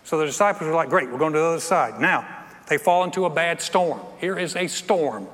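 A man's voice: a little high, fairly quick. A middle-aged man preaching a sermon, acting out scenes and joking with the congregation. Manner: animated, acts out scenes, jokes with congregation. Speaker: pastor. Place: church sanctuary. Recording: reverberant hall with faint ambience.

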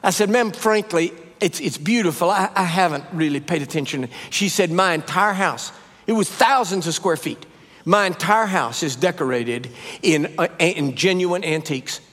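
Older male preacher, storytelling sermon, pitched high, long reverb of a big sanctuary. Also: moderate pace. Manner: animated, rising to high emphatic peaks. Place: church sanctuary.

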